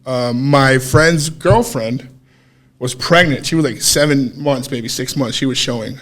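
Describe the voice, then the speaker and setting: A man co-hosting a podcast, casually telling a story in an animated way, swearing freely and acting out what people said. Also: mid-range voice, measured pace. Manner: animated, swears freely, acts out quoted dialogue. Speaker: podcast co-host.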